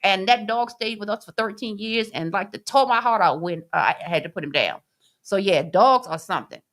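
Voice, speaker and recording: A woman's voice: medium pitch, normal speed, fairly bright tone. A woman co-hosting a casual podcast, reading chat comments and laughing as she acts out quoted voices.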